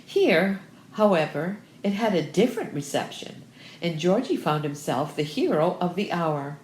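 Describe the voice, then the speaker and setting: A woman narrating an audiobook, reading in a lively, expressive way. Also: lowish voice, normal speed, slight background noise. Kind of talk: scripted narration. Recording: roomy echo.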